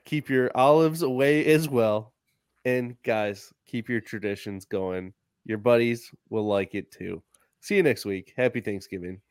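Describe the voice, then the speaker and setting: Slow, sleepy man with a smooth voice. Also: medium pitch, a little mellow, no room sound. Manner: slow, drowsy, joking. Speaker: podcast co-host. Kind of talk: casual podcast chat.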